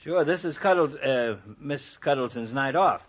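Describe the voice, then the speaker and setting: An actor playing a jovial, jokey doctor friend in 1940s radio comedy. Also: male voice, medium pitch, lively intonation, moderate pace, breathy edge. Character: jovial, pun-loving family doctor friend. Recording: dull vintage radio sound.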